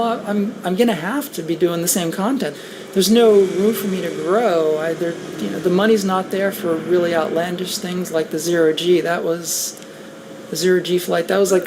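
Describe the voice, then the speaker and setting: Brief: woman guest, low voice, halting and rueful delivery, noisy recording. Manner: hesitant, frequent restarts, rueful. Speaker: guest on a talk stream. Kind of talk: casual conversation. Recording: steady background noise.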